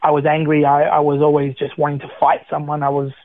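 A man's voice: on the high side, fast, no room sound. A middle-aged man, telling his personal testimony as a guest, acting out the lines he quotes. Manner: animated storyteller, acts out quoted lines. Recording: tinny phone-line sound.

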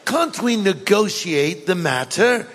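A man's voice: sits high, very animated, slow pace, a bit bright, long reverb tail, slight background noise, full character voice. A preacher voicing a crafty, courteous male bear with a British accent in a sermon story. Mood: polite, wheedling. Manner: smooth, courteous, wheedling. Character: polite talking male bear, crafty negotiator.

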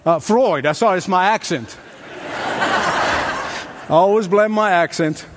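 A man's voice: high-pitched, slow pace, background noise. An older man preaching a sermon to a congregation. He is emphatic, repeats key phrases and asks his listeners rhetorical questions. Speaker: pastor. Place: church sanctuary before a congregation. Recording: reverberant church hall recording.

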